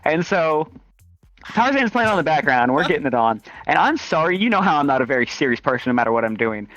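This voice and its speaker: A man's voice: fairly high pitch, very animated, quick pace, a bit bright, no echo. A young man telling crude, joking stories in a casual chat, breaking into song and laughter. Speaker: storyteller. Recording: muffled lo-fi voice chat.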